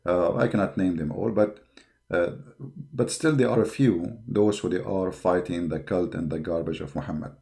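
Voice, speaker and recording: Gravelly man ranting with combative fervor. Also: low voice, normal speed, mellow. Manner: combative, repeats words, frequent fillers. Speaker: online apologetics show host. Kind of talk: impassioned monologue.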